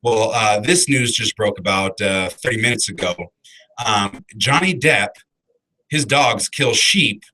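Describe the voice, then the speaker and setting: A man hosting a casual morning show, talking in a relaxed, rambling way with lots of ums and uhs. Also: on the low side, measured pace, poor audio. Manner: laid-back, rambling, many fillers. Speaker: radio show host.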